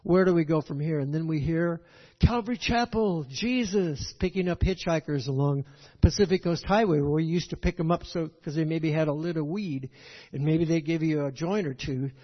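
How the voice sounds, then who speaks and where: A man's voice: on the high side, normal speed. An older man preaching a sermon, folksy and rambling, often checking with "right?". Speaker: pastor. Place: church sanctuary. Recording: echoey hall, dull lo-fi sound.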